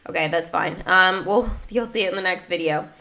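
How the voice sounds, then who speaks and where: A young American woman livestreams a mobile game, chatting bubbly and talkative with lots of fillers. Her voice is fairly low, a little fast, and sharp-toned with vocal fry.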